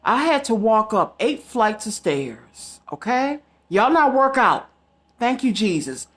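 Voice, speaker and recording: Emphatic woman vlogger, higher voice. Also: very animated, takes it slowly, a bit bright. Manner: emphatic, talks straight to viewers. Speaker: psychic vlogger. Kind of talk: casual storytelling to viewers.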